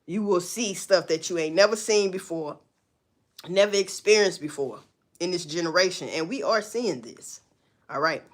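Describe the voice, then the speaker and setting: Animated, profane woman ranting on a livestream. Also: fairly low pitch, moderate pace. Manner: blunt, profane, animated ranting with rhetorical questions. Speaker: livestream host. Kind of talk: casual livestream commentary.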